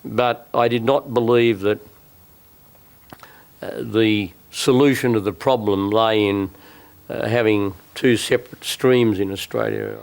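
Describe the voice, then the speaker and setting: An older man, a former national leader, speaking in a documentary interview with a measured, insistent manner that sometimes repeats words. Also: on the low side, steady tone, vocal fry.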